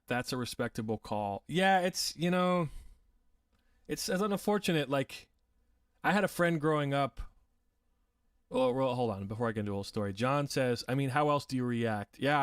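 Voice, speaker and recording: A man's voice: medium pitch, clear, resonant tone, no room sound, studio quality, far from the mic. A man hosting a casual livestream, reading viewer comments and rambling in a self-deprecating way, laughing often and swearing. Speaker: livestream host.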